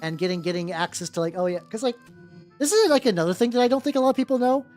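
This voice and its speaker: A man's voice: high-pitched, animated, racing, a little mellow. A man streaming casually while he paints miniatures. He rambles, swears freely and often restarts his sentences. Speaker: VTuber streamer. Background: faint background music.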